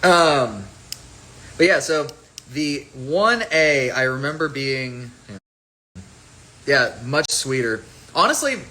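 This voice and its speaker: A man's voice: mid-range voice, animated, slow pace, pauses often, bright, forceful tone, poor audio. A man chatting casually on a phone livestream about his own fragrance, rambling and playful as he jumps between topics.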